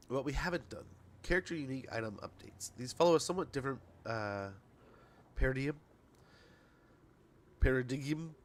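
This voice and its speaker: A man's voice: mid-range voice, slight background noise. A man in his livestream chat, reading patch notes aloud in an ordinary, mid-range voice. He rambles, trips over words and laughs at his own slips as he goes. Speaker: streamer.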